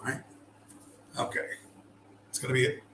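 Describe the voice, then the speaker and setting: A man's voice: normal speed, a bit bright. Guy cussing nonstop while breaking down a clip, sarcastic, roomy echo, bit of hum behind. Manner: blunt, heavy swearing, sarcastic. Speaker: video commentator. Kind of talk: profane commentary over a screen-shared video. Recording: echoey room with faint ambience.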